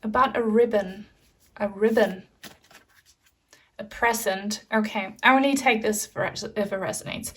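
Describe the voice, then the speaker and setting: A woman giving a pick-a-card tarot reading, speaking softly and earnestly, reassuring the viewer and getting emotional at times. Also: on the high side, far from the mic. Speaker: tarot reader.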